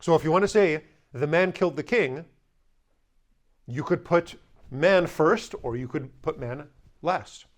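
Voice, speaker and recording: Man, slightly high voice, teaching a class, conversational, explains step by step. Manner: explanatory, conversational, repeats Chaldean words slowly. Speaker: language teacher. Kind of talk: classroom lesson.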